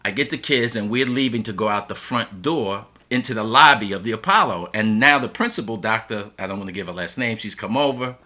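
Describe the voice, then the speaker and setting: A middle-aged man, a school teacher, telling an animated story in an interview and acting out the people he quotes. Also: fairly low pitch, fairly quick, few pauses. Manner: lively storyteller who acts out the voices of people he quotes.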